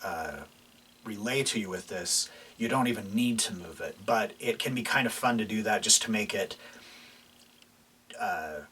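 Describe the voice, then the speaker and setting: A man with a lowish voice gives a relaxed, casual guitar lesson at a normal speed, pausing often and explaining loosely with plenty of fillers and restarts as he plays. He's a guitar instructor heard from off mic, with guitar playing behind him and a little hiss or hum on the distant recording.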